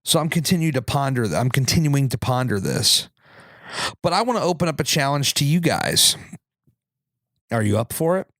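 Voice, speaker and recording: A man's voice: mid-range voice, animated, normal speed, long pauses, fairly bright tone, no room sound, studio quality. A man hosting a podcast, telling a story in a rambling, conversational way with fillers and asides to listeners. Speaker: podcast host. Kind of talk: casual storytelling monologue.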